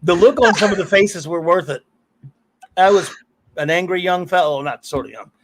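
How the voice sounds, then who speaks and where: A man's voice: high-pitched, normal speed. A middle-aged man hosting a casual live stream, telling rambling stories, cursing freely and laughing often. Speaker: podcast host.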